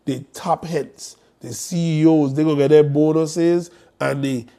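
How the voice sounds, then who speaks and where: Male host, warm and higher-pitched, blunt and joking on a live stream. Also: fairly even intonation, measured pace. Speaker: host promoting an estate planning conference.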